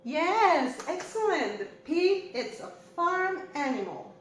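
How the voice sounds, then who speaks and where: A woman with a Spanish accent teaching English to young children in a slow, sing-song, encouraging way. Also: very high-pitched, big pitch swings, echoey room, a little hiss or hum. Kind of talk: recorded online lesson for young children.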